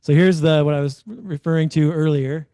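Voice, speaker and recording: A man hosting in a loose, casual way, often restarting his sentences. His voice is very mellow and dark, recorded dry and close. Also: on the high side, steady tone, fairly quick, dry recording. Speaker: host. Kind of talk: casual commentary.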